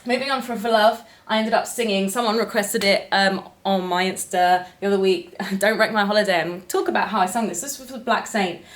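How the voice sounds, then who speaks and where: A woman's voice: medium pitch, fairly quick, few pauses. A woman in her thirties, a singer, chatting casually to camera about records she has sung, with friendly advice for other singers. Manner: chatty, warm-hearted advice, sings short snippets. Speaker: singer and vlogger.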